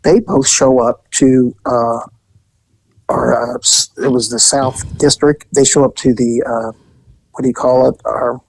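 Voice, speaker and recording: A middle-aged man, once a police detective, telling crime stories in a casual, animated way and jumping into high voices when he quotes people. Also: measured pace, creaky, poor audio. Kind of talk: casual storytelling.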